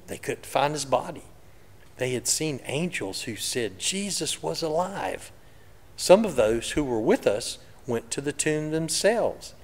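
A man's voice: mid-range voice, long reverb tail. A man preaching a sermon in a reflective, conversational way. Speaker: pastor. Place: church sanctuary.

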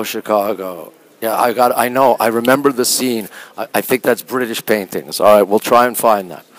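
Hushed Canadian man livestreaming. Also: rough recording. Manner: talking low and hushed; greets viewers by name, chatty. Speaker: livestream host. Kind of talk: casual live-stream chat. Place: quiet art museum gallery, indoors.

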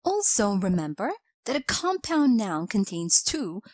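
A woman narrating a scripted grammar lesson with a slow, clear instructional delivery. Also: mid-range voice, very animated, a little mellow, no room sound. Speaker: English teacher.

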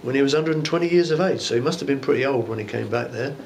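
A man's voice: mid-range voice, fast talker, gravelly, slight background noise. A man, a bishop, preaching an informal Bible teaching sermon in a church, musing aloud with conversational rhetorical asides.

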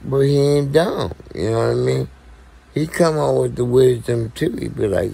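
A man's voice: mid-range voice, lively intonation, moderate pace, gravelly, dark tone, a little hiss or hum. A man, co-hosting a podcast in a casual, blunt, profane monologue to viewers. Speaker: podcast co-host.

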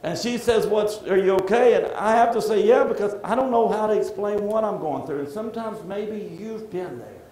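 A middle-aged man preaching a sermon as pastor, heartfelt and halting, often restarting his sentences. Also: sits high, dark tone, a little hiss or hum. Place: church sanctuary. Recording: echoey church room.

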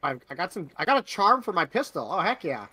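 Man, bright and excitable, reacting to game action. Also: high-pitched, fast talker, husky. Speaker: co-op player. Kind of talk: casual gameplay chat.

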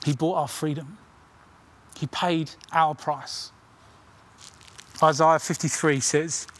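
A middle-aged man preaching a sermon with earnest intensity, dropping his voice low on key lines. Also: steady tone, a bit bright. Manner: earnest, dramatic pauses, drops to near whisper on key lines.

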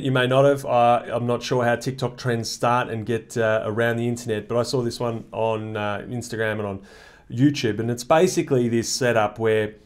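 A man giving a reflective monologue to camera, explaining his ideas in a thoughtful way with frequent "uh" fillers. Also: lowish voice. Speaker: commentator. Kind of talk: reflective talking-head monologue.

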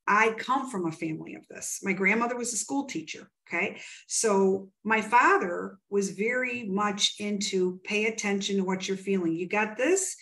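Woman, psychic medium guest; earnest, rambling storyteller, mid pitch. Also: moderate pace, few pauses, fairly bright tone. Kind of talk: interview guest telling stories.

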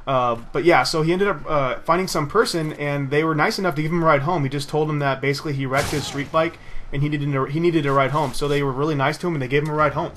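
A man's voice: on the high side, fairly even intonation, fast talker, fairly bright tone. A young man with a slightly raised voice rambles through a story while he plays a game. His telling is loose and casual, full of swearing, with laughs at his own tale. A faint hiss sits under the voice. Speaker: gaming video host. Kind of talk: casual storytelling over gameplay commentary.

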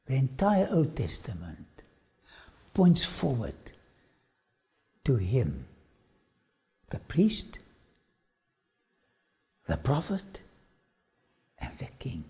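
A man's voice: medium pitch, huge pitch swings, warm tone. A man preaching a dramatic sermon-style lecture, often dropping suddenly to a whisper. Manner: slow dramatic delivery with sudden drops to a whisper.

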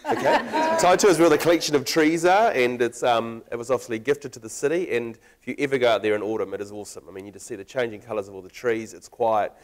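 A man's voice: mid-range voice, fast talker, hardly any pauses. A man, a panel guest speaking with dry, playful humour.

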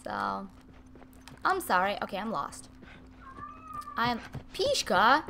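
A young woman giving chatty, excitable let's-play commentary, talking to her viewers and shushing her cats. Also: medium pitch, takes it slowly, creaky, pauses often, background noise. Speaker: gaming video host. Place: home room with cats nearby.

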